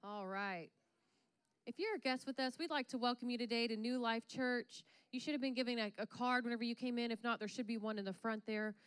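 A woman's voice: fairly high pitch, a little fast, a bit bright, smooth, no room sound. A woman giving upbeat, joking church announcements, welcoming guests. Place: church sanctuary.

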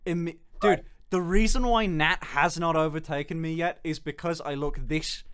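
Young streamer, light higher voice, fast and joking on a call. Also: male voice, fairly even intonation, fairly bright tone, clear, resonant tone. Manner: fast, joking, swears often, laughs a lot. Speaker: streamer host. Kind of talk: casual stream chat.

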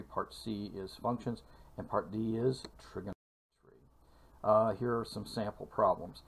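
A man teaching a calculus lecture for video, speaking in a measured way with frequent fillers and pauses. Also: on the low side. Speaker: math lecturer.

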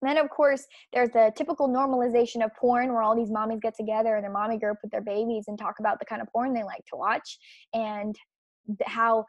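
A woman's voice: a little high, flat delivery, brisk, no room sound, highs cut off. A woman hosting a podcast, giving opinionated commentary in an indignant, emphatic and scornful way. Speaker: podcast host.

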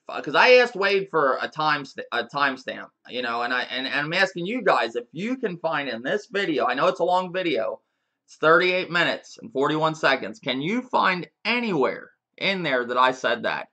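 A man's voice: fairly high pitch, pushed and bright. A man giving a casual, profane rant to his viewers as a gaming YouTuber, with frequent chuckles and restarts.

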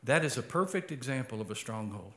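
A man's voice: animated, a little fast, a bit bright. A male pastor with an Arkansas twang, preaching a conversational sermon and often repeating words as he starts a phrase. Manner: rises in pitch and volume for emphasis.

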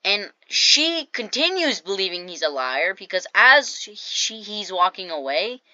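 A woman's voice: medium pitch, big pitch swings, measured pace, pushed and bright, no room sound, muffled recording. A woman casually telling a storytime vlog, chatty and jokey, acting out what people said. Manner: chatty, jokey asides, acts out quoted lines. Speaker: storytime vlogger.

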